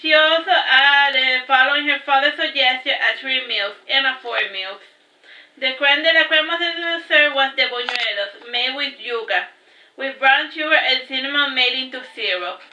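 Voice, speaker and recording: A woman's voice: high voice, normal speed, bright, forceful tone, slight background noise. A woman reading aloud from her own novel, casual and unpolished, with restarts and small slips. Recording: roomy, distant, dull home recording.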